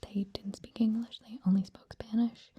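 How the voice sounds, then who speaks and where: A young woman, rambling in a breathy ASMR whisper close to the mic, drifting along with many ums. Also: on the high side, level tone, normal speed, dark tone. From Canada. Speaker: ASMR creator. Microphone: close ASMR microphone.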